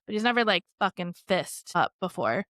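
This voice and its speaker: A woman's voice: lowish voice, big pitch swings, normal speed, fairly bright tone, dry recording. Candid woman host, dry close sound. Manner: rambling, heavy use of "like", swears freely. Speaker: podcast host. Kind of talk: candid personal storytelling.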